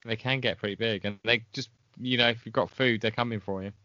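Laid-back podcast host, bright voice. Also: male voice, medium pitch, steady tone, quick pace. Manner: laid-back, hesitant, lots of ums. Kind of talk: casual comedy banter. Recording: dull muffled sound.

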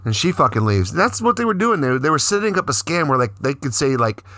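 A middle-aged man co-hosting a podcast, telling a story in a profane, animated way and acting out the quotes. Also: fairly high pitch, fast, no room sound, studio quality. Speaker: podcast co-host. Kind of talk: casual storytelling chat.

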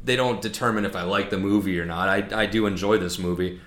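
A man's voice: low voice, fairly even intonation, quick pace, a bit bright, reverberant. A man co-hosting a movie review podcast, talking in a wry, mocking way. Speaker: podcast co-host. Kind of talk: casual movie review chat.

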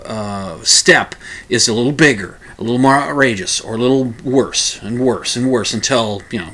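A man's voice: mid-range voice, bright, forceful tone. Rambling man talking casually. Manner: rambling, many restarts, chuckles. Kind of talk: casual monologue.

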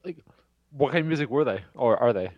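A man's voice: medium pitch, lively intonation, a little fast, no echo, dull audio. Hesitant filler-heavy podcast co-host man. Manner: hesitant, self-deprecating, many fillers. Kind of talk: casual chat.

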